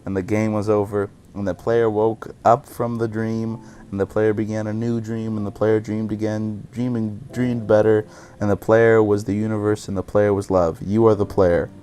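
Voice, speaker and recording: A man's voice: on the low side, level tone, moderate pace, dark tone, a little hiss or hum. A man hosting a game session, reading the game's text aloud and often stumbling and giggling over the words. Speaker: channel host. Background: game music.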